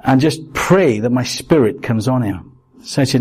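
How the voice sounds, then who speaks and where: A middle-aged man preaching a sermon, telling personal stories in an animated way and acting out the quotes. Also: medium pitch, normal speed, husky. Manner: animated storytelling, acts out quotes.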